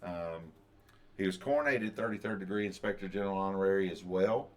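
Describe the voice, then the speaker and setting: Podcast co-host, man, very low voice, halting delivery. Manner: halting, many fillers and restarts. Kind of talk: casual chat.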